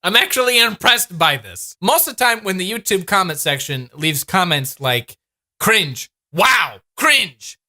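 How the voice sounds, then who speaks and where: A man's voice: high voice, pushed and bright. A man giving sarcastic, exasperated comedic reaction commentary as a YouTube host. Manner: sarcastic, exasperated, laughing at what he watches.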